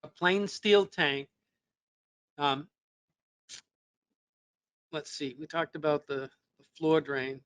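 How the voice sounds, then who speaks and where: A man's voice: fairly high pitch, takes it slowly, long pauses, a bit bright, clean tone. A man presenting a technical webinar lesson, explaining step by step with fillers and restarts, his voice a little worn. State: losing his voice.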